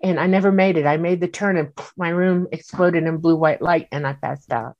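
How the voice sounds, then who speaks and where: Lively woman telling a story, low voice. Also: normal speed, dull audio. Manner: animated, acts out quoted voices, frequent fillers. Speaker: guest recounting an experience. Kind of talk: casual storytelling.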